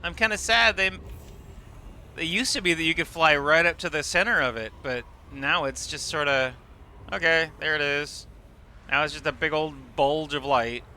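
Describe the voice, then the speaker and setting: Bright-voiced man explaining space sights. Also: on the high side, moderate pace, a little hiss or hum. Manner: enthusiastic, explains at length, swears casually. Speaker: streamer. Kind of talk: live gameplay commentary.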